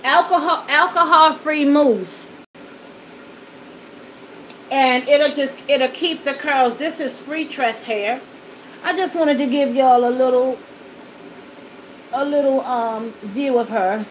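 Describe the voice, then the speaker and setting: Her high-pitched voice moves slowly, with frequent pauses, and a little hiss or hum runs through the low-quality recording. The woman is a mukbang vlogger, eating and chatting in a folksy way at home before a backdrop and studio lights.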